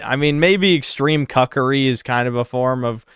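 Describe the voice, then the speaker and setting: A man's voice: mid-range voice, normal speed, a bit bright, clean tone, no room sound, studio quality. A man giving blunt, sarcastic reaction commentary on a clip.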